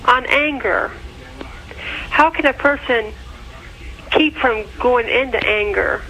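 A woman from Nebraska calls in with a question, her voice bright and a little high. She sounds polite and somewhat hesitant, often restarting her words. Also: slow, poor audio. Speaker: caller. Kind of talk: call-in question.

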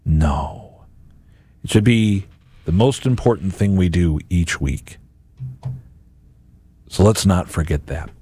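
A man's voice: low voice, slow pace, pauses often, husky. A man hosting a Catholic radio and podcast show, giving a homily-like reflection and acting out imagined voices. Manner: animated, acts out imagined voices.

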